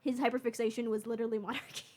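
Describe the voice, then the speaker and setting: A woman co-hosting a loose podcast, her voice sitting a touch high. She rambles from one question to the next and swears freely. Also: little pitch movement, very fast, darkish tone. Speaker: podcast co-host. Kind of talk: casual podcast chat.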